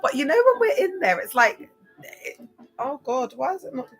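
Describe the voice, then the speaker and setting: A woman's voice: high voice, big pitch swings, normal speed. A woman hosting a casual livestream, chatty and laughing often, spelling out some words. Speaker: livestream host.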